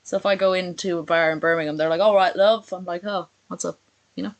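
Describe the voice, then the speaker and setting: A woman's voice: lowish voice, steady tone, fast talker. Sarcastic woman streamer, casual chat. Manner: chatty, sarcastic, reads messages aloud in put-on voices. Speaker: streamer reacting to a video. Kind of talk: casual live stream commentary.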